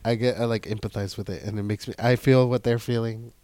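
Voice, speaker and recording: A man's voice: mid-range voice, fairly even intonation, fast, darkish tone, no room sound. A man chatting casually and laughing often, swearing freely. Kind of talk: casual chat.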